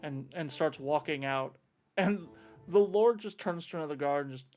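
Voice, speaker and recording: A man's voice: on the high side, moderate pace, darkish tone, faint music behind. A man running a tabletop role-playing game, narrating what characters do and speaking their lines in his own voice. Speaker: game master.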